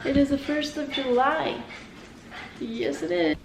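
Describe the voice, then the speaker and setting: Young woman vlogger at home, high-pitched, slow and chatty, mom talk to camera over household noise. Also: very animated. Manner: chatty, talks to viewers while scolding her toddler. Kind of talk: casual vlog talk to camera. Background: dogs.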